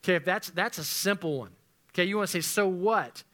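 A man in his forties preaching earnestly and conversationally to junior high students as their youth pastor. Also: brisk, sharp tone. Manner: earnest, conversational, addresses the group as guys.

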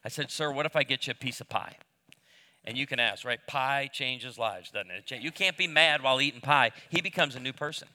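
A man's voice: medium pitch, a little fast. A man in his fifties preaching a sermon, telling humorous stories and acting out the voices of the people in them. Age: 50s. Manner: animated storyteller, acts out voices. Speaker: pastor. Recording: long hall reverb.

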